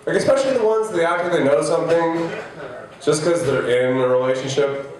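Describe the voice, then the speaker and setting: A man in his thirties doing a stand-up set, rambling and self-deprecating, with halting restarts. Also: fairly high pitch, slight background noise. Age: 30s. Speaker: stand-up comedian. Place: comedy club stage. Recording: echoey live venue, mic heard from a distance.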